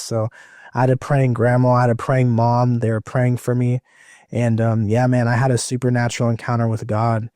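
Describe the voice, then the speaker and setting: A man's voice: mid-range voice, monotone, normal speed, darkish tone, dry recording, clean studio sound. A young man in his twenties, an evangelist, telling his testimony in a rambling, emotional way with many fillers and restarts. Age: 20s. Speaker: evangelist guest. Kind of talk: personal testimony in conversation.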